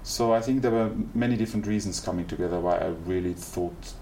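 A man with a German accent, a classical singer speaking thoughtfully as an interview guest, pausing to find words. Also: deep voice, dark tone. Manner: thoughtful, searching for words with small restarts. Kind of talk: reflective interview conversation. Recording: faint background noise.

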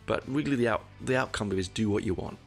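A middle-aged man talks through a solo podcast in a very low, gravelly voice. He rambles, trips over his own words and corrects himself as he goes, dropping dry asides. Soft music plays faintly behind him. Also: fast. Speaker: podcast host. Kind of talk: casual solo podcast monologue.

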